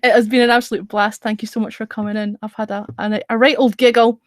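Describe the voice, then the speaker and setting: A woman's voice: on the high side, little pitch movement, quick pace, dry recording. A woman hosting a late-night livestream, chatting in a giggly way with lots of fillers, sleepy and close to slurring. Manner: giggly, chatty, tells stories with filler words. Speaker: livestream host. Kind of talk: casual chat.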